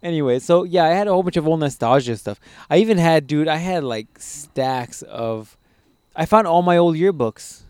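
A young man chatting casually on a podcast, telling stories full of swearing and laughter. His voice is fairly high for a man, smooth and clear, and the sound is dry and close. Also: moderate pace, no echo. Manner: profane, animated storytelling with laughs. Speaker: podcast host. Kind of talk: casual chat.

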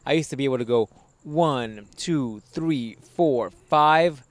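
Swearing, animated man in casual chat. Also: mid-range voice, slow pace, no room sound. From Arizona. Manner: animated, swearing, laughs at his own jokes. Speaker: podcast co-host.

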